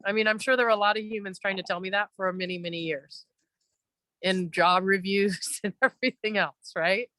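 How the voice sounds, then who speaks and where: A woman's voice: medium pitch, brisk, no echo, poor audio. A woman equine-assisted coach, telling stories in a heartfelt, emotional way during a live online talk. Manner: emotional, storytelling, animated.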